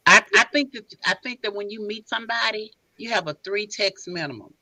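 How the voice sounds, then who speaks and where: A woman guest on a podcast, giving emphatic, animated advice in casual chat. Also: medium pitch, fairly quick, no echo, rough recording.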